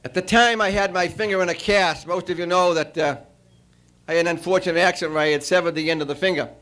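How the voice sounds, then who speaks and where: A man giving a farewell after-dinner speech, telling a long joke with frequent pauses and fillers. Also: high-pitched, steady tone, fairly bright tone. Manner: storytelling, halting with many uh fillers.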